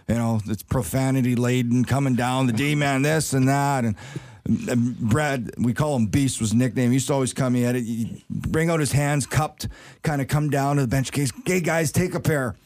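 A middle-aged man, a former player turned hockey analyst, telling animated anecdotes in a sports panel chat. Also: medium pitch.

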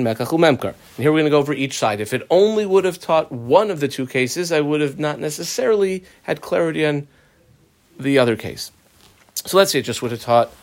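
A man teaching a text line by line, explaining each phrase and briefly acting out the people in the case. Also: a little high. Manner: animated, acts out claimants' voices. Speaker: Talmud teacher. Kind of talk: line-by-line text study lesson.

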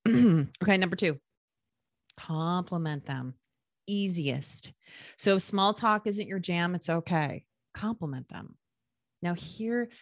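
A woman in her thirties hosting a casual solo podcast, chatty and quick to laugh at herself with lively asides. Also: on the low side, no room sound, clean studio sound. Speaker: podcast host giving dating advice.

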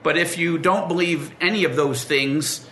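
A man explaining faith in conversational teaching, telling lively stories and acting out the people in them. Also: a little high, normal speed, reverberant, slight background noise. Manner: animated storyteller who acts out the people he quotes. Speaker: guest explaining evangelical beliefs.

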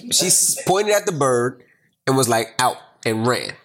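A man co-hosting a podcast in loose, joking chat. He teases his partner and tells family stories. His pitch swings widely as he gets into them. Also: big pitch swings, normal speed. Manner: teasing, playful, acts out voices in stories. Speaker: podcast co-host; father. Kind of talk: casual chat, storytelling.

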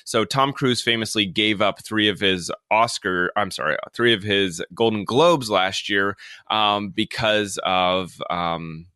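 A man chats casually as a co-host, recapping and rambling with fillers. His voice sits a little low and comes across bright and forceful, recorded dry and close. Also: slow pace, clean tone, no echo. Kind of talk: casual chat.

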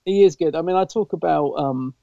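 A man with a gravelly, fairly high voice that has a mellow, dark tone. He chats as a podcast co-host, enthusiastic and rambling, full of restarts. The sound is dry and a little dull. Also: brisk, no echo. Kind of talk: casual fan chat.

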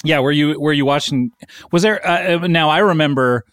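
A middle-aged man co-hosting a comedy podcast, halting and deadpan, with many restarts. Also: a little high, no echo, studio quality. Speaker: podcast co-host. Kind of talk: improvised comedy podcast chat.

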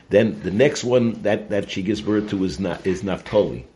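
Man, low voice, Torah class teacher, earnest, restarts sentences, noisy recording. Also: expressive, normal speed, darkish tone. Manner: earnest, explanatory, restarts and repeats words. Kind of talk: weekly Torah portion class.

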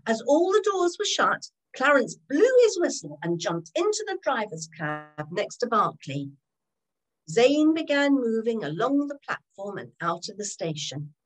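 A woman narrating a children's storybook in an expressive, animated way. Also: fairly high pitch, rough recording.

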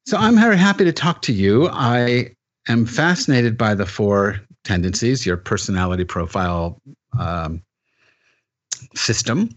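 A man's voice: lowish voice, lively intonation, unhurried, highs cut off. A man hosting an interview podcast, casual and joking as he introduces his guest. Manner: casual, joking, with fillers and restarts. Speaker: podcast host.

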